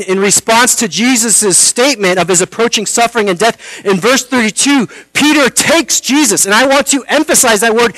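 A man's voice: sits high, bright, forceful tone, dry recording, poor audio. Male pastor, earnest preaching delivery, dry close sound. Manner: earnest preaching with dramatic pauses and rhetorical questions. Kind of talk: sermon.

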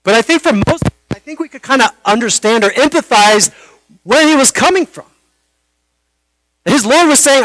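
A man preaching a sermon, earnest, with dramatic pauses and rhetorical questions. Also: very high voice, lively intonation, a bit bright, no echo, rough recording. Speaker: pastor.

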